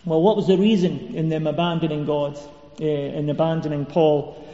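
Male preacher, earnest and repetitive, warm voice, roomy dull recording. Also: fairly high pitch, steady tone, normal speed. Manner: earnest, repeats key phrases for emphasis. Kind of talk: sermon. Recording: echoey hall, dull lo-fi sound.

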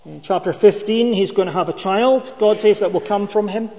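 Preacher, high and mellow. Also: male voice, moderate pace. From Scotland. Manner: storytelling, conversational with rhetorical questions. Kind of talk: sermon. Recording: dull lo-fi sound with long reverb.

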